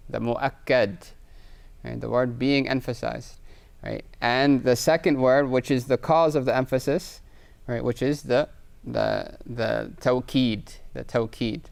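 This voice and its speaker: A man's voice: mid-range voice, gravelly. A man teaching a grammar lesson, explaining patiently and checking in with "right?" as he writes examples. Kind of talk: classroom lecture.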